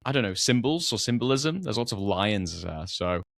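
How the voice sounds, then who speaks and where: A man's voice: fairly low pitch, sing-song, moderate pace, gravelly, fairly bright tone, dry recording, studio quality. A young British man hosting a podcast, chatting casually about English accents, with frequent fillers and restarts. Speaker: podcast host.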